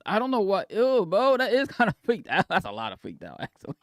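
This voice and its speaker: A man streaming live in casual chat, swinging between soft apologies and loud excited exclaims, laughing and cutting himself off often. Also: high voice, fast, dry recording, studio quality. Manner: self-interrupting, laughs often.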